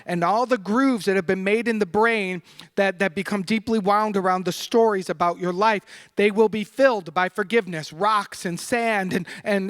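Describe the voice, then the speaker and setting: A man giving a Sunday sermon to a congregation, swinging between hushed, soft passages and loud, emphatic bursts. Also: high voice. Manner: candid, laughing at his own anecdote. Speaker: guest minister. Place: spiritual center congregation.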